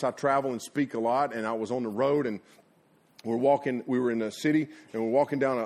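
A middle-aged man preaching a sermon, folksy and animated, laughing at his own stories and acting out sounds. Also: medium pitch. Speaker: pastor. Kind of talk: energetic sermon storytelling. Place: church before a congregation.

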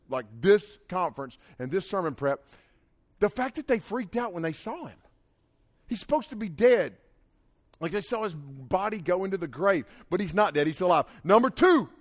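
A middle-aged man, preaching an animated sermon to a conference crowd, mixing casual asides with shouted dramatic lines. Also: high-pitched.

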